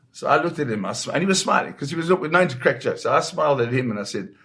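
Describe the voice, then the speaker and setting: A man from Zimbabwe, a photographer guest, telling anecdotes in a lively raconteur's way and acting out the voices of people in his stories. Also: fairly high pitch, fast talker. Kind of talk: anecdotal storytelling.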